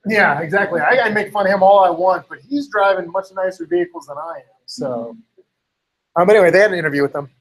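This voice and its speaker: Husky man in rambling casual chat. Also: sits high, quick pace, low-quality recording. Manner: rambling, heavy use of "like" and "you know"; acts out others' lines in quotes.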